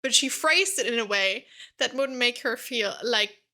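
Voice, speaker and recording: A woman co-hosting a casual podcast, excitedly telling stories about playing a game and laughing often. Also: a little high, unhurried. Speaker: podcast co-host.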